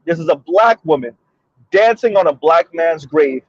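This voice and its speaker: A man's voice: a little high, lively intonation, normal speed, slightly rough, dry recording, muffled recording. A man hosting a commentary monologue, pressing his points with repeated rhetorical questions. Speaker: commentary video host.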